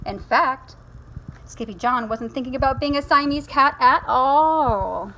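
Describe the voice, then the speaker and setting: A fairly high-voiced woman teacher reads a storybook aloud to children, playful and lively, pausing to chat with her listeners. Faint noise sits under the home recording. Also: rough recording. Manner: playful, animated, chats to listeners between pages. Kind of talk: reading a picture book aloud to children.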